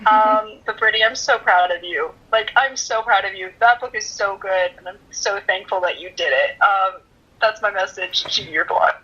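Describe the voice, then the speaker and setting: A woman's voice: mid-range voice, normal speed, bright, forceful tone, husky, lo-fi sound. A woman on a video call speaking playfully and enthusiastically, with filler words. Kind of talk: casual message on a video call.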